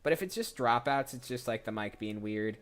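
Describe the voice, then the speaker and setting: A man's voice: mid-range voice, a little fast, fairly bright tone. A man streaming his voice acting work and chatting casually with viewers, self-deprecating. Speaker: voice actor streamer. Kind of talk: casual livestream chat.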